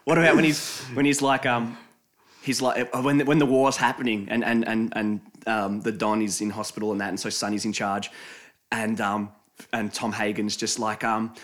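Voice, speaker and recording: A man, chatting casually about films as co-host, rambling and excited, with many restarts and swearing. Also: lowish voice, normal speed.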